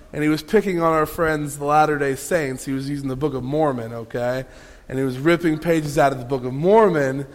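A man preaching a sermon, telling a lively personal story with playful asides to the congregation. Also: on the high side. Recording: long hall reverb.

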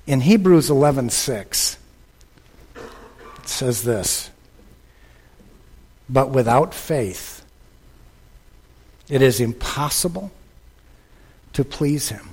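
A man preaching a sermon with passion, repeating phrases and swinging between loud bursts and hushed lines. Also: a little high, big pitch swings, drawn-out words, long pauses, slightly rough, big-room sound. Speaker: pastor.

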